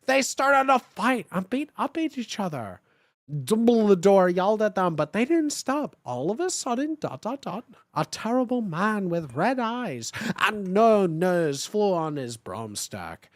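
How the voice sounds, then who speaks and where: A streamer giving a comedic dramatic reading of fan fiction, breaking off into animated, swearing asides. The voice swings widely in pitch, the pace is unhurried, and the sound is dry and close to the mic. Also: no room sound. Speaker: streamer host.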